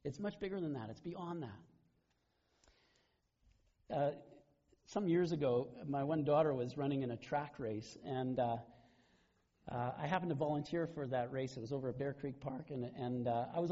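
A man's voice: medium pitch, a little fast, warm tone, husky. A middle-aged man, a pastor, preaching a sermon in a conversational, storytelling way with frequent restarts. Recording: dull lo-fi recording.

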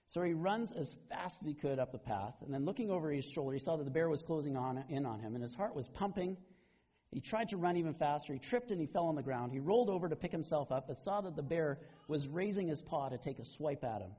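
Husky-toned man preaching a sermon. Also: fairly high pitch, expressive, fast, dark tone. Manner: conversational storytelling, frequent restarts. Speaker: pastor. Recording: dull lo-fi recording.

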